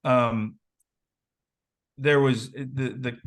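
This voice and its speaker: A man in his forties from southern Indiana, telling stories from his playing days in a casual, animated interview. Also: medium pitch, very slow. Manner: animated storyteller, acts out quoted voices. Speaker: interview guest, former basketball player. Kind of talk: casual storytelling.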